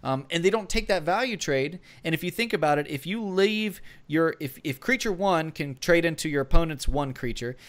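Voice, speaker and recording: A man's voice: on the high side, animated, moderate pace, few pauses. A man co-hosting a gaming podcast, giving casual strategy advice in a rambling way with many fillers and restarts. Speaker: podcast co-host.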